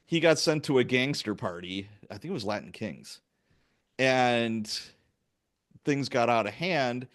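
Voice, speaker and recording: A man, a police officer, telling work stories in casual chat and acting out the dialogue in an animated way. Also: medium pitch, unhurried. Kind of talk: casual storytelling.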